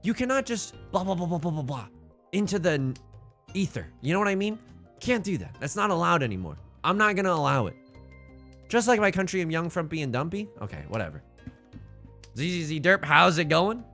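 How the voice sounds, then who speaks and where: A man chatting through a live game stream, his goofy, rambling jokes riding on a bright, sharp voice. His pitch sits a bit high and jumps around a lot. Soft game music plays faintly underneath. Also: very animated, a little fast. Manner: goofy, rambling, joking with chat between plays. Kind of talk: live-stream gameplay commentary.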